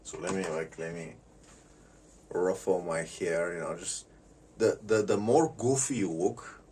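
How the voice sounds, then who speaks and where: A man giving a rambling comedic monologue. He repeats words and often clears his throat. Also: deep voice, a little slow, darkish tone, recorded from a distance, a little hiss or hum.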